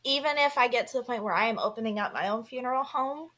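A woman's voice: fairly high pitch, fast, pushed and bright. A young woman co-hosting a podcast, talking candidly and earnestly in casual chat, with frequent restarts and fillers. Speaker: podcast co-host.

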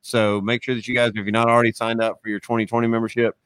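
A young man hosting a casual podcast, relaxed and stammering, often repeating words and calling people dude and man. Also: mid-range voice, racing, clear, resonant tone, no room sound. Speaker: podcast host.

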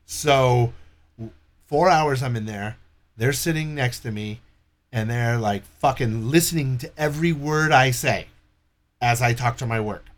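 A man's voice: medium pitch, a little slow. A man telling a long story in casual chat, swearing a lot and acting out what people said. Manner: animated, swears a lot, acts out quoted voices. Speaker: storyteller guest.

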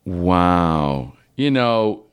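A man's voice: low-pitched, clean tone. A man hosting a podcast interview, asking questions and reacting with enthusiasm. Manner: slow and very expressive, enthusiastic reactions. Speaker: podcast host.

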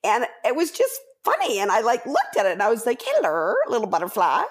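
Animated woman telling a story. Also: a little high, fairly quick. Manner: animated, acts out quotes of others. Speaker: podcast guest. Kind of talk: casual storytelling.

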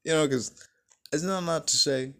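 A man hosting a casual movie review, excitable and profane, with lots of "like" and "you know". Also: on the high side, normal speed.

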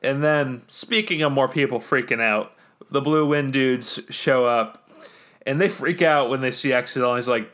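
A man's voice: mid-range voice, moderate pace, fairly bright tone. Man narrating a tabletop game. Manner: rambling, full of fillers and restarts. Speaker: game master.

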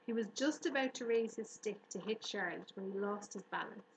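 A woman narrating an audiobook in a steady, even storytelling manner. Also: medium pitch, moderate pace. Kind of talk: audiobook reading. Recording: roomy room echo, faint hiss.

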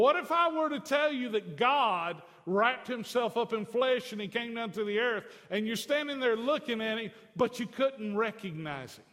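High-voiced preacher in a reverberant hall. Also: male voice, a bit bright. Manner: conversational preaching with folksy asides, rising to emphatic declarations. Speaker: pastor. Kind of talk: sermon.

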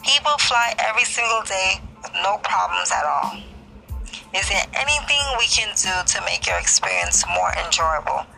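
A woman voicing a young female flight attendant who speaks in a calm, polite, soothing way. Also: medium pitch, normal speed, vocal fry, faint music behind, low-quality recording.

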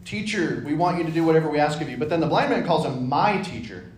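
A man leading an interactive Bible study, reading scripture and acting out the dialogue with lively energy. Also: a little high, racing. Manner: animated, acts out dialogue in voices. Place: church meeting room. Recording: echoey room.

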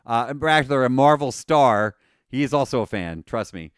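A man co-hosting a podcast, talking casually and excitedly with many fillers and restarts. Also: medium pitch, normal speed, smooth, no echo, clean studio sound. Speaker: podcast co-host.

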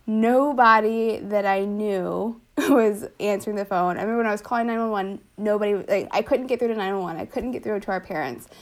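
Young woman, casual chat, chatty, lots of fillers, middle pitch. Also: a little fast, hardly any pauses. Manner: chatty, many fillers, laughs often. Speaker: older sister telling her story. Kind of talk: casual conversation.

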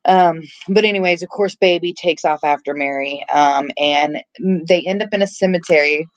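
A woman's voice: low voice, moderate pace, no echo. A woman co-hosting a casual movie discussion podcast from home, talking in a loose, chatty way with frequent swearing and laughter. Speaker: podcast co-host.

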